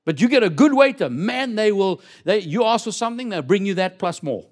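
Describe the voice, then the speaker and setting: A man preaches a lively sermon in a fairly high voice. He repeats words as he builds, pushes up to loud emphatic peaks, and keeps turning to the congregation with direct questions. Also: a little fast. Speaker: apostle preaching to a church.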